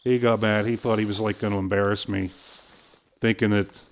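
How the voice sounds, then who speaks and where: Casting note: older male streamer, lowish voice, animated storyteller, salty language. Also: a little fast, a little hiss or hum. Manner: animated anecdote-telling with impressions and swearing. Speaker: gaming streamer. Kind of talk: casual storytelling while playing.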